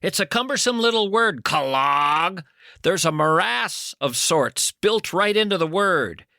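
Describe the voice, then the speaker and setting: A man hosting a talk show, delivering a wry, mock-serious comedic monologue with the odd loud playful outburst. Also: sits high, lively intonation, slow, no echo. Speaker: radio talk show host.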